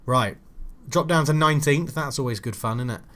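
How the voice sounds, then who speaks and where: A man narrates his football management game in a loose, chatty way. He grumbles and swears under his breath, then bursts into loud excited shouts when the play gets close, with a mid-range voice that swings widely. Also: medium pitch, brisk. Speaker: gaming channel host. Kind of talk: casual football game commentary.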